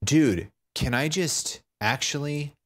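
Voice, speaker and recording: A man talking through a software tutorial, thinking aloud, fumbling and poking fun at himself. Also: fairly high pitch, slow pace. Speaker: tutorial maker. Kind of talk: unscripted screen-recorded tutorial.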